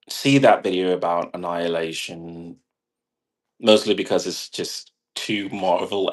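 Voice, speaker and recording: A man rambling casually in a monologue, swearing and laughing at his own jokes. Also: low-pitched. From half British. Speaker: vlogger.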